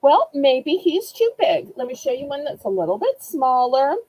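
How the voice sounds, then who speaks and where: At normal speed, a woman with a warm, sing-song voice talks to viewers on a webcam while hosting a live-stream auction from home. She struggles to hold back tears and her emotions, then goes back to pitching products cheerfully. The recording quality is low.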